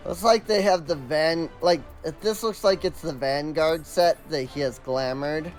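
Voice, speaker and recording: A man's voice: a little high, unhurried, faint music behind. A man streaming a video game, chatting casually with amused asides. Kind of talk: casual chat while playing a game.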